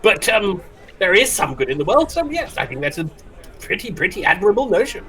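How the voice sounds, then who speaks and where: A man's voice: sits high, big pitch swings, a little fast, pushed and bright, exaggerated voice. A man voicing an eccentric, curious tabaxi scholar who rambles and stammers with fussy enthusiasm. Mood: chatty.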